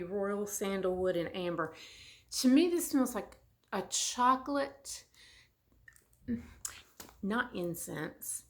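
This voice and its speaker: Chatty woman rambling casually. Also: mid-range voice. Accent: Southern US. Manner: chatty, rambling with frequent restarts. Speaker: beauty vlogger. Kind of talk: casual chat.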